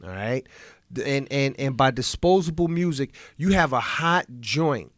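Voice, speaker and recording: A man's voice: medium pitch, animated, a little slow, a bit bright, dry recording, studio quality. A man hosting a talk radio show in casual, profane, joking banter with his co-host.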